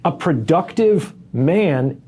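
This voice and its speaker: A man hosting a casual podcast conversation, talking in a reflective, measured way. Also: fairly high pitch, animated, dark tone, husky.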